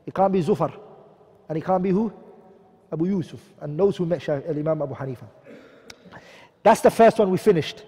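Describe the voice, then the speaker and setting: A man's voice: a little high, a little fast, long pauses, warm tone, slightly rough. A man giving a classroom lecture who asks his students questions, answers them himself and repeats each key term. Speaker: teacher. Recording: long hall reverb.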